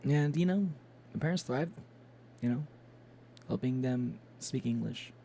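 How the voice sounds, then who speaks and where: A man's voice: mid-range voice, unhurried, gravelly, warm tone, slight background noise. A man streaming a game, chatting casually and rambling with lots of fillers and little chuckles. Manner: rambling, many fillers and restarts, chuckles often.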